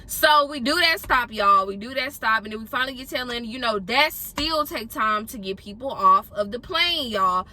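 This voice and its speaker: A young woman from Houston, telling a travel story to her vlog viewers in a casual, animated way and acting out what people said. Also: fairly high pitch, moderate pace, few pauses. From Houston, Texas. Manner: animated, acts out other people's lines in quoted voices. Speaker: vlogger.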